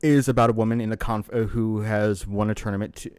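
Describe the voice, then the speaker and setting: A man co-hosting a casual podcast, telling a long, rambling story in an animated way. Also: on the low side, fast talker, clear, resonant tone, no room sound. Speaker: podcast co-host.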